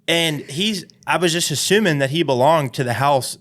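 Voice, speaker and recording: A man in casual podcast chat who keeps looping back with "anyways" between bits of a rambling story. his pitch sits right in the middle for a man, neither high nor low, and he talks the way a co-host does when he is easing into a tale. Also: normal speed, hardly any pauses, fairly bright tone. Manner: rambling, filler-heavy storytelling with frequent "anyways". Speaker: podcast co-host and dog trainer.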